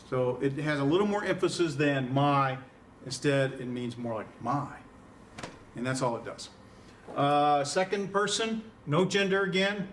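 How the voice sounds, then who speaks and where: A man's voice: a little high, far from the mic, slight background noise. A man teaching an introductory Greek class in a conversational lecture style, quizzing students and chuckling at his own puns. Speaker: Greek instructor.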